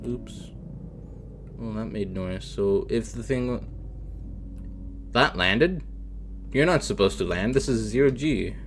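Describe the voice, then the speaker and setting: A man's voice: on the low side, takes it slowly, long pauses. A man streaming a video game, muttering casual commentary to himself, jumpy and nervy as he plays. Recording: faint game music behind.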